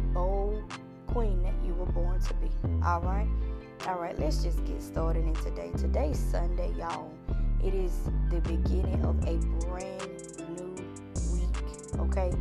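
A woman giving an impassioned, encouraging talk to her viewers, talking folksy and direct, building to fervent near-shouting like a preacher. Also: lowish voice, vocal fry. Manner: folksy, calls to the audience directly. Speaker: online encourager addressing viewers.

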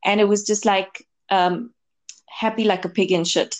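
A woman's voice: medium pitch, fairly even intonation, normal speed. A woman co-hosting a casual chat, telling a long personal story with many fillers and restarts. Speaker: podcast co-host, medium.

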